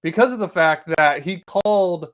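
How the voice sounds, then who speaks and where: A man hosts his own podcast, talking through the news in a loose, sarcastic way. His voice sits slightly higher than most men's. He breaks off now and then to read an article aloud. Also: normal speed, fairly bright tone. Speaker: podcast host. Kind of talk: solo political commentary.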